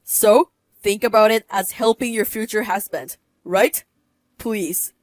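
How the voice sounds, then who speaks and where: A woman's voice: mid-range voice, slow pace, no room sound, natural voice. A woman voicing a scheming young man in his early thirties who begs and wheedles after being caught lying. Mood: pleading. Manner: wheedling, begging for forgiveness.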